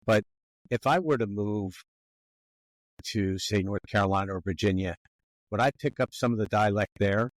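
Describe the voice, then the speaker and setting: A man with a Philadelphia accent hosts a podcast in a fairly low voice. He asks his questions in a folksy, rambling way, with long wind-ups. The recording is close and dry. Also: normal speed, long pauses, no room sound. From Philadelphia area. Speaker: podcast host. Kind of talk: conversational interview questions.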